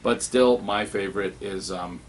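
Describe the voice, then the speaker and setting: A male comic book reviewer talks casually and excitedly, tripping over his words and starting sentences again. His voice sits somewhat low. Faint background noise sits under the talk. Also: moderate pace. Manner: excitable and rambling, with many restarts.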